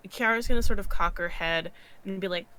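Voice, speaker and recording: A woman's voice: mid-range voice, a little fast, pushed and bright, rough recording. A woman playing a tabletop role-playing game, talking in a polite, curious way in character. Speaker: player voicing a character.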